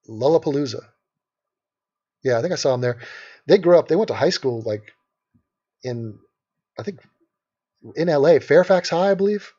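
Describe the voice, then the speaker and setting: A man's voice: mid-range voice, vocal fry, darkish tone. A man from Los Angeles hosting a casual livestream, brash and sarcastic as he reads out and answers questions from the chat. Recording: dull lo-fi stream audio.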